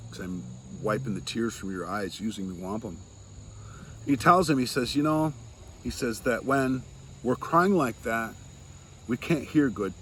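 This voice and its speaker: A man telling a traditional story slowly, with long pauses, voicing the dialogue of its characters himself. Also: fairly low pitch, fairly bright tone, slight background noise, poor audio. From Seneca territory. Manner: slow, pausing, retells dialogue in quotes. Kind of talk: oral storytelling.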